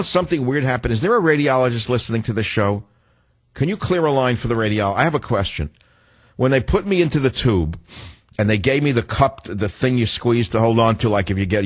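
A man's voice: mid-range voice, no echo. An older man hosting a talk radio show, delivering a rambling, sarcastic monologue with frequent restarts and self-corrections.

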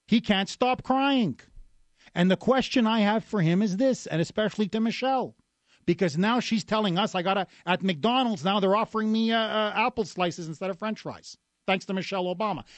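A man's voice: high voice, dry recording. A man hosting a talk radio show, delivering a combative, sarcastic rant between callers. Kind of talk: opinionated talk radio monologue.

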